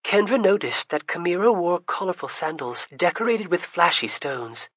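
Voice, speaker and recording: A man doing steady scripted narration of a fantasy audiobook. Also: high voice, normal speed, no echo.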